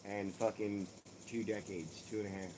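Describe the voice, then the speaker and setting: A man's voice: fairly low pitch, little pitch movement, normal speed, noisy background. A middle-aged man hosting a casual live stream from his porch, swearing freely and cracking jokes. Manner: profane, joking banter. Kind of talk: casual chat with viewers. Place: outdoors on a home porch.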